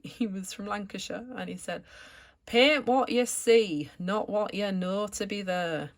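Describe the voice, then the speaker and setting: A woman calmly explaining each step of a watercolour painting as she works, as an art tutor. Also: mid-range voice, creaky. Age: adult, returned to art after school years. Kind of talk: painting tutorial narration while working.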